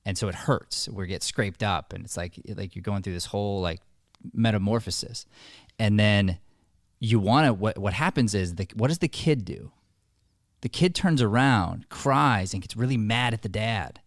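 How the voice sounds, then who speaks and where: A man's voice: lowish voice, moderate pace, no echo, studio quality. A man hosting a podcast, talking earnestly in a casual way and often restarting his sentences. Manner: earnest, storytelling, with repeated restarts. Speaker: podcast host and acting coach.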